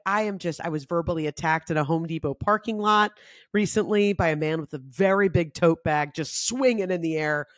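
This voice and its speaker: Chatty frank woman podcasting, dry sound. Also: no room sound. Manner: chatty and frank, heavy "like" fillers, expressive pitch jumps. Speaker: podcast host. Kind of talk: casual spiritual self-help monologue.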